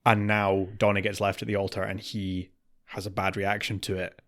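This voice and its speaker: A man co-hosting a podcast in casual chat, getting animated and higher when worked up. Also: moderate pace. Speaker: podcast co-host.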